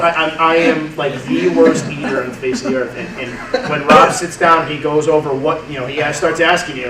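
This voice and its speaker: Over a noisy crowd, a man in his 30s gives a casual testimonial to a group with a somewhat high, steady voice at a moderate pace. He repeats and restarts words as he talks. The recording is roomy and from far off, with faint noise.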